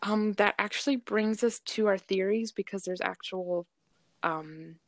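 A woman's voice: medium pitch, a little slow, no echo. A woman co-hosting a podcast in casual chat, talking in a hesitant way with many fillers. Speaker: podcast co-host.

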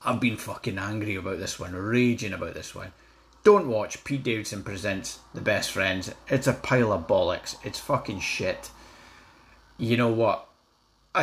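A man's voice: on the low side, normal speed. Angry, sweary Scottish man ranting. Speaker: vlogger reviewing a comedy special. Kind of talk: ranting review.

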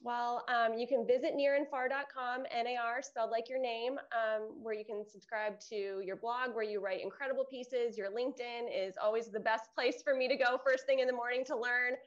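A woman's voice: on the high side, steady tone, moderate pace, few pauses. Effusive woman podcast host, muffled sound. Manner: effusive, grateful, many ums. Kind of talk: podcast interview. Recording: dull lo-fi sound.

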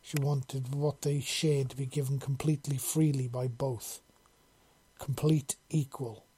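A man narrating a storybook chapter in a calm, unhurried, even way. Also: medium pitch, a little hiss or hum. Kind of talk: storybook reading.

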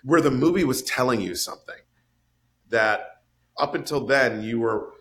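A man in casual podcast chat about a film, animated and swinging his voice up high for emphasis. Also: moderate pace, long pauses. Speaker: podcast panelist discussing a film.

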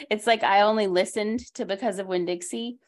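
A woman hosting a school library podcast, chatting casually about books with many asides and easy laughs. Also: mid-range voice. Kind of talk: casual book talk chat.

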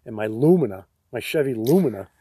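Husky man spinning hunting yarns. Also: mid-range voice, lively intonation, a little fast, mellow, no echo. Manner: rambling, laughing through his own stories. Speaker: podcast co-host. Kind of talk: casual storytelling chat.

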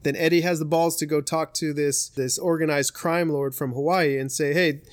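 A man's voice: on the high side, steady tone, moderate pace, dry recording. A young man hosting a podcast, telling a story in casual, profane chat and laughing often. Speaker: podcast host.

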